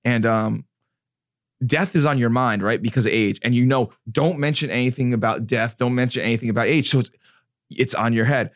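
A man in his thirties hosting a casual chat, animated and profane, acting out quotes. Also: mid-range voice, brisk, no echo, studio quality.

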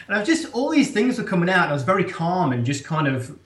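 A man with a British accent, a guest telling a story in casual conversation, animated and often laughing. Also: on the high side, a little fast, reverberant.

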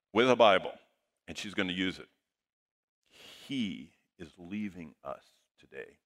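Low-voiced preacher man with a bright edge. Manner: animated anecdote, quotes dialogue in lively voices. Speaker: pastor. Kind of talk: sermon storytelling.

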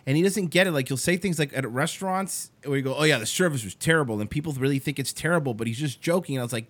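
A man hosts a radio talk show, telling stories with animated, mocking energy. His voice sits at an ordinary middle pitch. The sound is close and dry, as from a studio mic. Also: quick pace, hardly any pauses, no room sound. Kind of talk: casual on-air storytelling.

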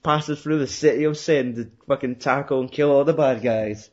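A man's voice: medium pitch, normal speed. A man chatting casually about a film, rambling and swearing, laughing often and acting out quotes. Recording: muffled lo-fi recording.

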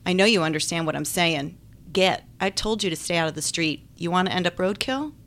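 A woman's voice: fairly low pitch, brisk, a bit bright. A woman voicing a shirtless, easygoing man with a Southern accent, in an audiobook. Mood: scolding.

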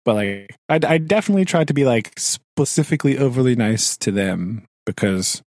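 A man's voice: medium pitch, expressive, a little fast, a little mellow, no room sound, studio quality. A man co-hosting a podcast, rambling casually with frequent "right?" tags and chuckles. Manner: rambling, tag questions, chuckling. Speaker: podcast co-host.

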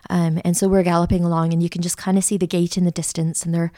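A middle-aged woman, a podcast guest telling a lively travel story with lots of fillers. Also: on the low side, quick pace. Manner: chatty, animated anecdote-telling with many fillers. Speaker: interview guest, art school founder. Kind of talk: casual storytelling.

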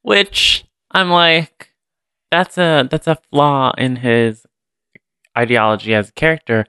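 A man's voice: mid-range voice, steady tone, takes it slowly, pushed and bright, clean tone, dry recording. A man co-hosting a podcast, recapping a movie in casual chat that rambles and thinks aloud. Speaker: podcast co-host.

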